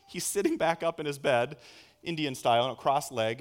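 A man in his thirties preaching a sermon as a pastor, telling stories with sudden loud bursts. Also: fairly high pitch, normal speed, long pauses.

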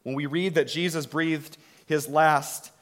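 Slow, dramatic preacher man in a reverberant hall. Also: a little high, steady tone. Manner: slow, dramatic delivery with hushed drops and swells. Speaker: pastor. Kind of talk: sermon.

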